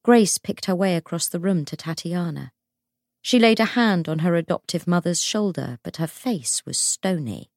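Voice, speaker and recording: A woman narrating an audiobook in an expressive, dramatic way. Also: on the low side, moderate pace, dry recording, studio quality.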